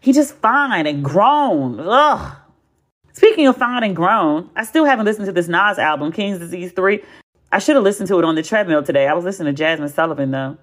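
Blunt, animated woman in her forties. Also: lowish voice, fast. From United States. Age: 40s. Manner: animated, blunt and profane, with emphatic repetition. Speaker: podcast host. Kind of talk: casual chat.

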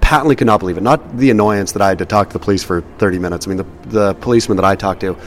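Low-voiced, emphatic man on a podcast. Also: racing, soft background music. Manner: emphatic, stacks repeated words for stress. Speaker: podcast co-host. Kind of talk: casual chat.

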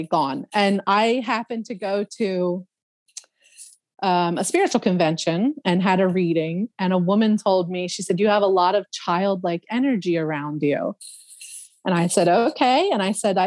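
A woman, a podcast guest, telling a personal story in a casual, animated way, laughing often and imitating other people's voices. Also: medium pitch, dry recording.

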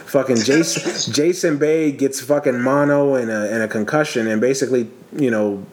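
A man's voice: medium pitch, normal speed. A man in his thirties co-hosting a casual sports podcast, ranting in a profane, exasperated way. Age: 30s. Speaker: podcast co-host.

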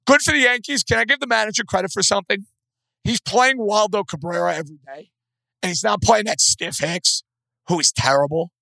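Hoarse New male sports radio host, high and gravelly, blunt takes, dry studio sound. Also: pushed and bright, no room sound. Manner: blunt, opinionated.

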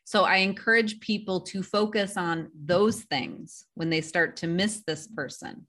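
Calm, low-voiced woman therapist giving advice. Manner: calm, measured, instructive. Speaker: therapist and podcast co-host. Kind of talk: advice-giving podcast talk.

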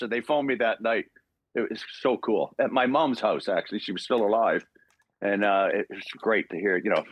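An older man from Ontario, Canada, guesting on an interview show and telling stories with lively acted-out dialogue and frequent laughs. His voice is lowish and husky. The sound is dry and close. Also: a little fast, no echo. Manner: animated, acts out dialogue, laughs often. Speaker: guest voice actor. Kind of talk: podcast interview storytelling.

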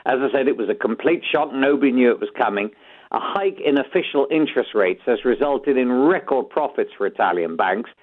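Male British correspondent, measured phone report, tinny line. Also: mid-range voice, lively intonation. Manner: measured reporting with frequent fillers.

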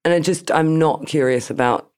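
A woman's voice: deep voice, normal speed, darkish tone, clear, resonant tone. A woman being interviewed, chatting casually and self-deprecatingly and laughing often. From Britain. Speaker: interview guest.

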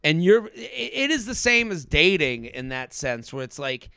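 A man co-hosting a podcast in casual chat, talking fast with animated asides and acting out quotes. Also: on the high side, vocal fry, smooth, no room sound. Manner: animated, quick asides, acts out quotes in a flat robot voice. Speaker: podcast co-host. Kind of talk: casual chat recapping a reality show.

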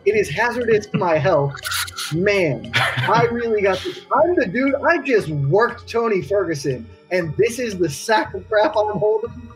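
A cocky male fighter rants with sarcastic indignation, as a man speaks for him in his plain voice. The voice sits slightly high. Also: big pitch swings, measured pace, over music, low-quality recording. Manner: ranting, sarcastic.

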